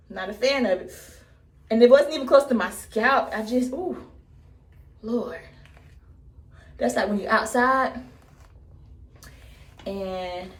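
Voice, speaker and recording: A woman's voice: on the high side, a bit bright. Playful woman vlogging in an echoey room. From United States. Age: 30s. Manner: playful, jokey, talks to viewers as "baby" and "y'all". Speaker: hair vlogger. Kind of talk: casual chat while styling hair on camera.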